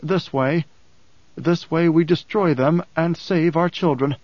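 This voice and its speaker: Guy reading a quiet grieving young lord, measured, kinda dull dry recording. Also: a little high, no room sound. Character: young male ruler, grave and grieving. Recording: dull, dry audiobook sound.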